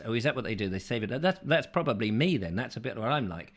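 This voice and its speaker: A man's voice: medium pitch, expressive, fast, few pauses. A man hosting a chatty live show, reading out viewer comments with playful, rambling asides. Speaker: host.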